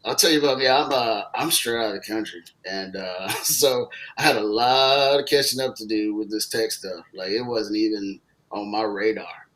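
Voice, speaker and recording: A man from Southeast Texas with a Texan accent, talking casually as a guest, easygoing and halting with lots of fillers. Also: on the low side, fairly bright tone, rough recording. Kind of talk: casual conversation.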